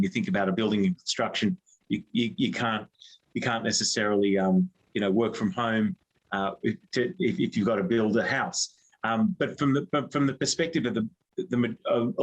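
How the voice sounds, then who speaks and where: A man's voice: lowish voice, rough recording. Australian man talking over restarts. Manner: many restarts and fillers, thinking aloud. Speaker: HR firm director, guest. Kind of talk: casual interview chat.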